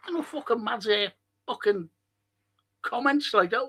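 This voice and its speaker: A man's voice: very high voice, expressive, a little slow, long pauses, bright, forceful tone, husky. A man hosting a casual live podcast, reading out comments and telling rambling stories with plenty of swearing. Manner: rambling storyteller, swears freely. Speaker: podcast host.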